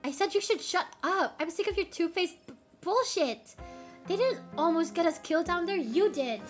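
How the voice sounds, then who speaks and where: A woman's voice: high voice, brisk, soft background music, lightly acted. A woman voicing a teenage girl in a game who speaks out heatedly and with resentment against her friend. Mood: resentful. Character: fed-up teen girl finally speaking out.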